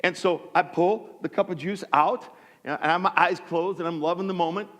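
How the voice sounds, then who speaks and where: A man's voice: sits high, brisk, long reverb tail. A middle-aged male pastor telling funny personal stories in a sermon, self-deprecating and acting out voices. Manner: animated storytelling, self-deprecating humor, acts out voices. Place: church sanctuary.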